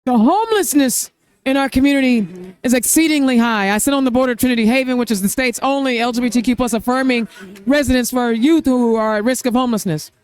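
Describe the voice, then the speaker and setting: Hosting her podcast from a campaign event venue, this middle-aged Indiana woman talks quickly in a fairly high voice with a darkish, clear, resonant tone. Her interview manner is emotional and gushing.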